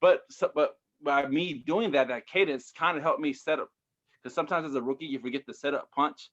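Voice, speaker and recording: A man's voice: a little high, fairly quick, a bit bright, lo-fi sound. A man, a stand-up comedian, telling his story in a loose, rambling interview chat full of fillers. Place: Houston area.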